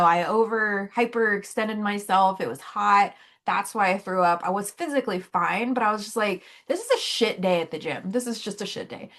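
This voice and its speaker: A woman's voice: mid-range voice, a bit bright. A woman with a sore throat chats on a podcast as co-host. Her storytelling is candid and peppered with swearing, loose and conversational. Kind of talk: casual chat.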